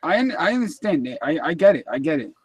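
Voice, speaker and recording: High-voiced man ranting in casual chat. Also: very animated, fast talker, husky, no room sound. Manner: rambling, acts out both sides of a couple's argument. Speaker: live chat participant.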